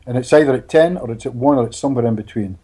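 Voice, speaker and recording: A hypnotherapist guest in an informal interview, this man narrates with energy, laughs often, and repeats his words. He talks very fast at a medium pitch, with a breathy edge to his voice.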